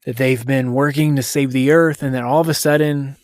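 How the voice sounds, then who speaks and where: A man's voice: medium pitch, steady tone, darkish tone, dry recording, clean studio sound. A man hosting a podcast, casually retelling a story in a loose, conversational way. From United States. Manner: conversational, loose, self-correcting retelling with quick paraphrased quotes.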